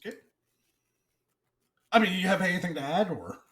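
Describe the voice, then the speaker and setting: A man co-hosting a podcast in casual chat, animated and laughing as he reads news items aloud. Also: high voice, moderate pace. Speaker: podcast co-host.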